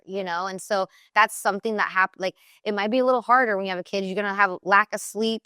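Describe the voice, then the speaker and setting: A woman in her thirties talks with a chatty, animated energy, filling her stories with casual fillers and quick asides. Her voice sits at a middle pitch and sounds close and dry, with no room around it. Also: no room sound. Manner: chatty, animated storytelling with many "like" fillers and laughs. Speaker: guest, TV personality and recording artist. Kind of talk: casual interview chat.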